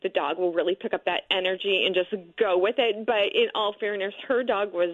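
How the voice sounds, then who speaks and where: A woman's voice: medium pitch, fairly even intonation, a little fast, no echo, narrow, tinny audio. A woman guest on a radio interview, talking casually with lots of "like" fillers while giving confident pet advice. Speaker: guest author, pet sitter.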